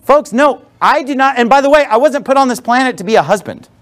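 A pastor with a very high, slightly bright voice preaches fast and animatedly. His sermon is blunt and emphatic, laced with sarcastic asides, and the congregation in the church answers back.

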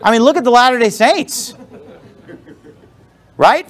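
A man's voice: sits high, big pitch swings, a little slow, long pauses. A man preaching a sermon as a pastor in a church, blunt and emphatic, with sarcastic asides. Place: church with a responding congregation.

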